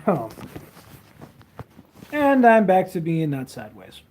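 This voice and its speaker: A young man chats loosely into a handheld phone while he streams. He is crude and meandering, with plenty of ums and trailing thoughts. His voice sits a little high for a man. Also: very animated, takes it slowly, a little mellow. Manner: rambling, crude, many fillers. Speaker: livestreamer. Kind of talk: casual livestream chat.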